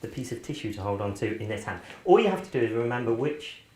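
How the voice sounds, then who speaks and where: A man's voice: medium pitch, sing-song, fast, darkish tone. A man with a mid-range voice gives cheeky, joking magic patter. He teases a volunteer as he talks her through a trick. The room is echoey, and faint hiss sits under his voice. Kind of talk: live magic-show patter. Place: indoor venue.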